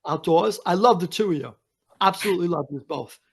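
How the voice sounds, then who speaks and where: A man, talking as a podcast guest over a video call, animated and emphatic. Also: high-pitched, a little fast, slightly rough. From United States. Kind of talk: casual chat.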